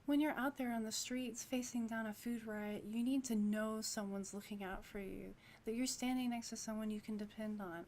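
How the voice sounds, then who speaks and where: A woman doing a volatile young ex-cop in a video game, grieving and quick to snap, swearing through angry rants. The voice sits fairly high, with a faint hiss behind it. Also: steady tone, darkish tone, natural voice. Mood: bitter.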